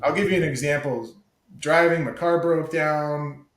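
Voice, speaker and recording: A man's voice: on the high side, unhurried, reverberant, low-quality recording. A man talking candidly as a podcast guest, emphatic and profane, calling the host "dude" often. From United States. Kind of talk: casual candid conversation.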